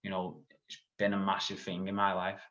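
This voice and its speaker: A man's voice: deep voice, completely flat delivery, fairly quick, fairly bright tone, slight background noise. A man, a podcast guest telling a long story in casual chat, full of "like" and asides. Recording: dull lo-fi sound.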